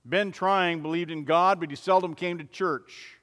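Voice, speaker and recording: Man preaching a story in a reverberant church, higher-pitched voice, dynamic swells and drops. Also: steady tone, normal speed. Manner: dramatic storytelling, swelling loud then dropping soft. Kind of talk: sermon illustration story. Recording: long reverb of a large hall.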